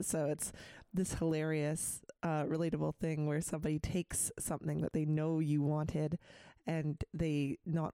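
Woman radio host, chatty and digressive, mellow voice, dry studio sound. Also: low-pitched, no echo. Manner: rambling and chatty, full of asides. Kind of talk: casual radio chat with a poetry reading.

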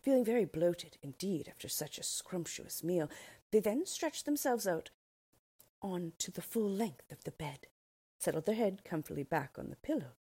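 A woman narrating a storybook read-aloud expressively, dipping into soft whispers. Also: on the low side, slightly rough, no echo.

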